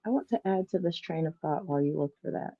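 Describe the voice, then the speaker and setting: A woman guest on a casual panel chat, speaking in a measured, thoughtful way with dry humor. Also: deep voice, muffled recording.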